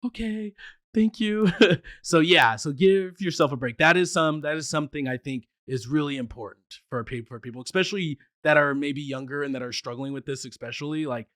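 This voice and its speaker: A man's voice: fairly high pitch, a little fast, fairly bright tone, no echo, studio quality. A man who stutters, talking eagerly as a podcast guest, with restarts and frequent laughs. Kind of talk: casual chat.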